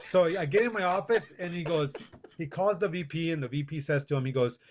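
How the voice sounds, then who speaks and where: A man's voice: on the high side, brisk. A man, probably in his forties, telling a personal story as a podcast guest, acting out quoted dialogue and laughing as he goes. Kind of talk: casual storytelling.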